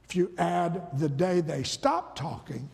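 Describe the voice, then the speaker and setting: A man preaching a dramatic storytelling sermon, swinging from loud to hushed. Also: on the high side, takes it slowly, gravelly. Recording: long reverb of a large hall.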